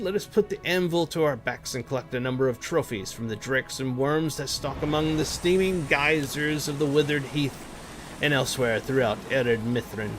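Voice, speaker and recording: A man reads out a young dwarf recalling the old tales of his kin, in a plain, unhurried voice. The pitch sits in the middle, neither deep nor high. Faint game music plays underneath. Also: natural voice. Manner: plain unhurried reading aloud. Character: young dwarf recounting grim mountain lore.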